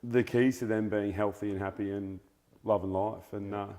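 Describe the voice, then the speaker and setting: An Australian man chats as a guest author in an easygoing interview. He talks in a loose, blokey way, animated and unpolished, and swears now and then. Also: on the low side, normal speed, long reverb tail. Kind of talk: casual interview chat.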